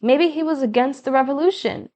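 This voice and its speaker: A woman's voice: high-pitched, brisk, a little mellow, pitched above the performer's own voice, natural voice. A woman reading the lines of a blunt, defensive teenage girl in an audiobook, with plain, lightly voiced dialogue. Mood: matter-of-fact.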